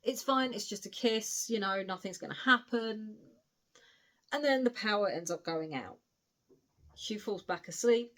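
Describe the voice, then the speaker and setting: Chatty woman reviewing a book. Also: medium pitch. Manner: chatty, recounting the plot with frequent asides. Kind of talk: casual spoken book review.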